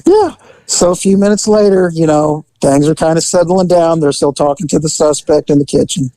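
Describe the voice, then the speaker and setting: A middle-aged man, a former police officer, casually telling a story, animated, swearing, laughing and acting out the voices of the people in it. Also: fairly high pitch, moderate pace, no echo, low-quality recording. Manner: profane, laughing often.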